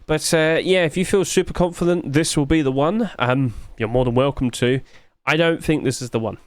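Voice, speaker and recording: A sleepy man chatting his way through game skin reviews, rambling along with sudden high-pitched exclamations. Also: normal speed, clean tone, no room sound. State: sleepy, yawning. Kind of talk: casual screen commentary.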